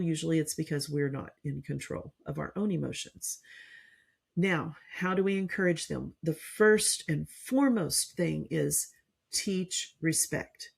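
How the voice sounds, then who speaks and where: A woman hosting a faith-based parenting podcast, talking in a calm, earnest teaching manner and working through her points one by one. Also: low-pitched, creaky, slightly rough. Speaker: podcast host.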